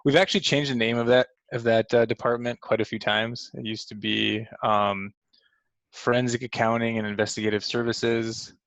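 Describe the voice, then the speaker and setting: Still sounding groggy from the morning, this late-30s senior manager from Fargo rambles casually through a work webinar on a video call, full of fillers and restarts. His medium-pitched voice is steady, a bit bright, and at normal speed, in a dry recording.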